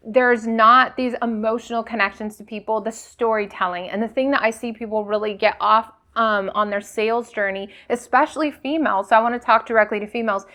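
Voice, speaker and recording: Bright-voiced woman coaching entrepreneurs. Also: on the high side. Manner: coaching, repeats "okay?" and rhetorical questions. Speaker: business coach and host. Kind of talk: motivational talk to camera.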